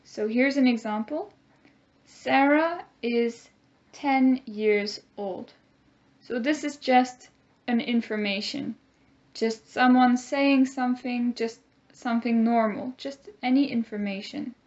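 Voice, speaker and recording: A woman teaching a grammar lesson, speaking slowly and clearly and having the class repeat words after her. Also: a little high, a little mellow, muffled recording. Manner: slow, clear teacher talk with call-and-repeat drills.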